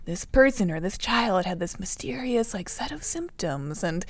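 A woman's voice: medium pitch, animated, normal speed, dry recording. A woman co-hosting a casual podcast, explaining nutrition topics and laughing often.

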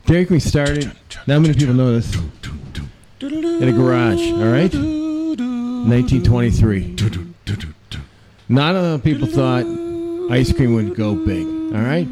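A man playing a gruff adult man who gives a rambling pep talk, in an improvised comedy sketch. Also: medium pitch, huge pitch swings, unhurried, pauses often. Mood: rousing. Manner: rambling, gravelly, theatrical.

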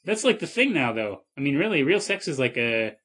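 A man hosting a comedy podcast, trading dry, deadpan jokes in casual chat. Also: mid-range voice, fairly quick, breathy edge. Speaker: podcast host.

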